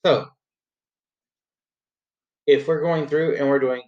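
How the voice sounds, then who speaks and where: A man's voice: mid-range voice, normal speed, pauses often, a little mellow. A man teaching music, patiently walking students through a graded assignment and chanting rhythm syllables as examples. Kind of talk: screen-recorded assignment walkthrough. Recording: slightly dull lo-fi audio.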